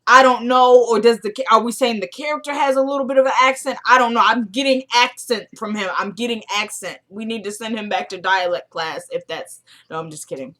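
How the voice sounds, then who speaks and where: A woman's voice: on the high side, a little fast, few pauses, fairly bright tone. A woman vlogger talks through a TV episode in a loose, casual recap. She is chatty and opinionated and drops in slangy asides.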